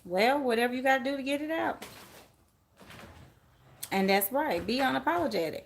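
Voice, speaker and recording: A woman's voice: high voice, animated, normal speed, gravelly, a little hiss or hum. A woman giving a live-stream tarot reading, chatting with viewers and laughing often. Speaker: tarot reader.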